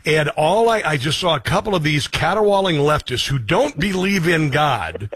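A man's voice: on the high side, animated, moderate pace, noisy background. A male radio host chatting about politics in a casual, emphatic way, laughing along with his guest.

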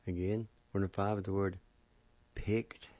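Slow, low-voiced man teaching pronunciation. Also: little pitch movement, a little mellow, dry recording, muffled recording. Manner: slow, syllable-by-syllable spelling and repetition. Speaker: language teacher. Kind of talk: pronunciation lesson.

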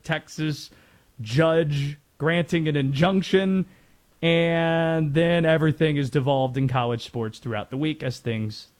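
Guy from north carolina doing sports talk radio, kinda high voice, rambly and laughy. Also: darkish tone. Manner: chatty, laughs easily, rambling asides.

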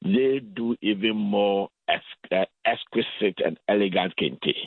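A man from Ghana talks through his points slowly and carefully, often going back over his own words. His voice sits low and a little husky. It comes through a thin, phone-like line with no room sound. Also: dry recording. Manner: measured, explanatory, repeats words. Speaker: guest.

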